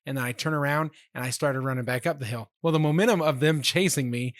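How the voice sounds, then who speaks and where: A man's voice: medium pitch, quick pace, dry recording, clean studio sound. A man on a casual podcast telling stories about himself in a wry, self-deprecating way. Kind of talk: casual chat.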